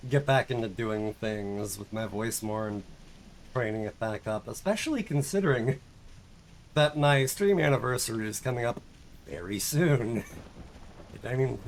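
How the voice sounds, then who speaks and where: Lively, laid-back young male streamer. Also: mid-range voice, measured pace, gravelly, long pauses, slight background noise. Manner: rambling, laughs often, self-mocking. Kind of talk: casual chat while gaming.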